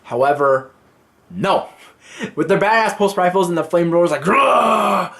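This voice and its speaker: A man's voice: a little high, moderate pace. A man casually reviewing a movie, swearing freely as he retells scenes. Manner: casual and profane, acting out scenes.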